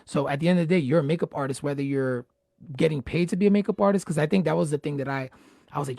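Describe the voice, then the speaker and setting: A man's voice: fairly high pitch, rapid-fire, gravelly, darkish tone, no room sound, studio quality. A man hosting a casual live-streamed chat, talking animatedly and repeating words when he gets going. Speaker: host.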